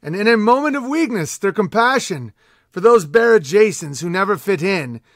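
A man's voice: high-pitched, very animated, normal speed, no echo, clean studio sound, voice pushed up. A man voicing a grandiose male panda bear herald, proclaiming in a pompous, mock-epic reading.

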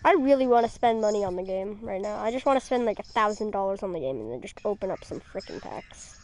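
A woman's voice: mid-range voice, expressive, quick pace, background noise. A woman doing casual gaming commentary, playfully trash-talking and exclaiming at the screen. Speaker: gamer streaming a baseball game.

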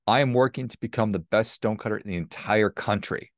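A man's voice: on the low side, fast, no room sound, clean studio sound, natural voice. A man doing a serious, driven stonecutter. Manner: earnest, firm.

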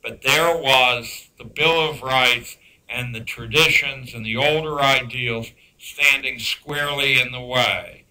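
A man giving a public lecture on education, emphatic and dryly sarcastic, slowing down to stress key words. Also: mid-range voice, pushed and bright, rough recording. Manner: dry sarcastic asides.

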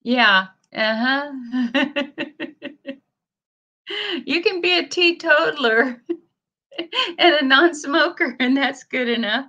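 A woman's voice: high-pitched, slow, pauses often, bright, forceful tone, muffled recording. A woman vlogging from home, talking casually to her viewers and her dogs, teary-eyed. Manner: chatty, tearful, talks to her dogs. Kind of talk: casual livestream chat.

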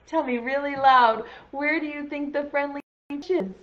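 A woman's voice: sits high, moderate pace, fairly bright tone, dull audio. A young woman teaching a virtual preschool class, playful and encouraging, praising children's guesses in a sing-song way.

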